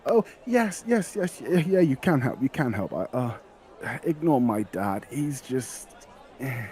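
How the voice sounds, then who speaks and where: A man's voice: medium pitch, animated, a little slow, warm tone, voice pushed up, lightly acted. A man voicing a nervous, gangly teenage butcher's son who rambles and stammers. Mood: eager.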